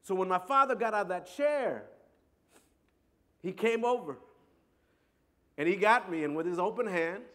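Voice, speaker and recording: A middle-aged man telling a personal story to an audience in an earnest, halting way, often repeating words. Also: sits high, animated, pushed and bright. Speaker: speaker. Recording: long hall reverb.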